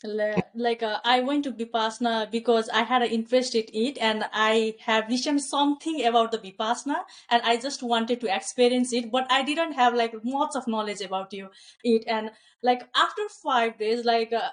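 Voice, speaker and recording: A woman's voice: a little high, steady tone, normal speed. A woman interviewing a guest, asking questions in a chatty way with frequent "like" and "uh" fillers. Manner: chatty, heavy use of "like" and "uh".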